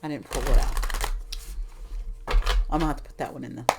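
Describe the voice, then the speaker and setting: A woman's voice: extremely low pitch, fairly even intonation, a little fast, creaky, very noisy. A middle-aged woman, a tarot reader, talking casually about spiritual growth in a rambling, frank way that often breaks off and restarts. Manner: rambling, frank, self-interrupting.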